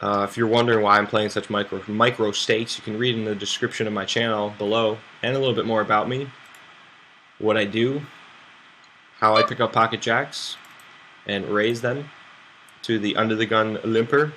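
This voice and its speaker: A man's voice: lowish voice, steady tone, normal speed, pushed and bright, a little hiss or hum. A man from the United States streaming online poker, rambling and thinking aloud about his hands with self-mocking asides. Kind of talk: live game commentary.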